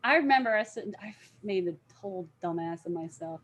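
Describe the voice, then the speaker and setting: A woman's voice: medium pitch, expressive, fairly quick. A woman telling rambling con stories in a casual podcast chat, with many fillers and frequent laughs. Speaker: podcast guest, cosplayer.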